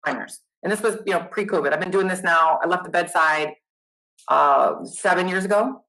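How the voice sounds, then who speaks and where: Bright lively woman telling her story. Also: fairly low pitch, normal speed, low-quality recording. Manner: animated, self-deprecating, swears casually. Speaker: nurse educator guest. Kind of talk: casual interview chat.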